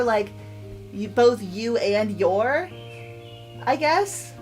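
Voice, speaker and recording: A woman chatting through a game in a relaxed, unhurried way, with a fairly high voice. She giggles often, pokes fun at herself, and reads on-screen text aloud, with soft music playing behind her. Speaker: game streamer. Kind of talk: casual gameplay commentary.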